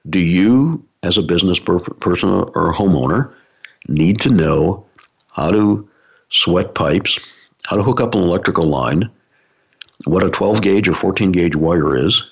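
A man's voice: deep voice, lively intonation, a little slow, gravelly, husky. A man giving an explanatory talk to a business audience, using everyday analogies with frequent fillers. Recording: dull lo-fi recording.

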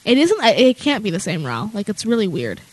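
A woman's voice: mid-range voice, sing-song, a little fast, darkish tone, rough recording. A young woman hosting a casual chat, giggly and rambling, with lots of "like". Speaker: host.

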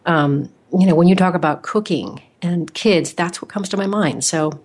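A woman hosting an interview, telling a personal story in a lively, animated way. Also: lowish voice, moderate pace. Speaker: podcast host.

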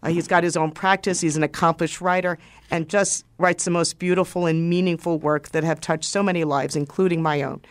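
Woman talk radio host, lower voice, expressive and conversational. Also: fairly quick, dry recording.

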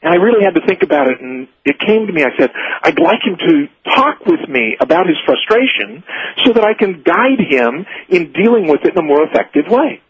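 This radio guest, a middle-aged leadership speaker, has a high, sing-song, slightly rough voice and talks a little fast. He explains his ideas earnestly through numbered points, over muffled, dry broadcast audio with no room sound.

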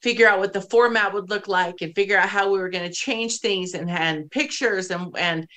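A woman's voice: medium pitch, normal speed, bright, forceful tone. A middle-aged woman hosting a show, telling a personal story in casual conversation, emotional and laughing at times. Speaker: podcast host.

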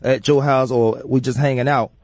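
Man, sports radio host, mellow and husky, dry close sound, animated chat. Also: mid-range voice, normal speed, no room sound. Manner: animated, repeats himself. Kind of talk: casual sports talk.

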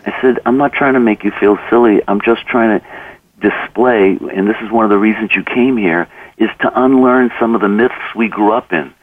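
A fairly low-pitched man talks earnestly in a radio interview, often replaying past conversations as he goes. The sound is dry and slightly muffled, and he sits a little back from the mic. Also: moderate pace, no room sound, distant mic. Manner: earnest, acts out dialogue in anecdotes. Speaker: author and coach, interview guest.

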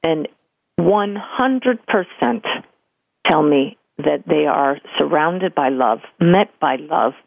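A woman's voice: low voice, animated, slow pace, gravelly, no echo. An older woman speaks as a medium in an interview, her voice thin and tinny like a telephone line. She tells stories animatedly and slips into the voices she quotes. The sound is dry and close. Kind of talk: conversational interview storytelling. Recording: tinny phone-line audio.

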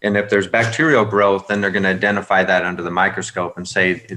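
Man, veterinarian, lowish voice, casual podcast chat, explanatory, methodical. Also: flat delivery, fast talker, few pauses, pushed and bright.

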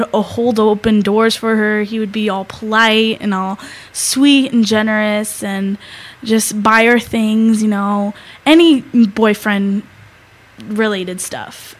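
A teenage girl co-hosting a talk show, telling a story in a halting way, with many fillers and restarts. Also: mid-range voice, low-quality recording. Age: teens. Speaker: co-host. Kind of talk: casual storytelling.

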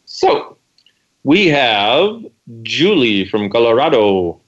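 A man's voice: mid-range voice, big pitch swings, takes it slowly. Guy cohosting a call-in show, tells stories and does the voices, kinda dull audio. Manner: storytelling, acts out quotes. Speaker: co-host.

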